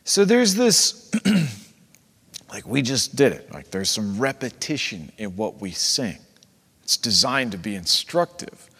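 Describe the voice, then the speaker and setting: A male pastor delivering a sermon in a conversational, animated way, acting out the people he quotes. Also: mid-range voice, takes it slowly, breathy edge. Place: church sanctuary. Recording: long reverb of a church hall.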